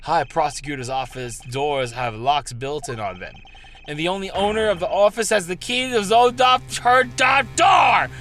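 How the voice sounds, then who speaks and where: A man voicing a theatrical, hot-headed male prosecutor from a game, reading the lines aloud with dramatic shouting. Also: mid-range voice, normal speed, hardly any pauses, faint music behind, natural voice. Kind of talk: game dialogue read aloud.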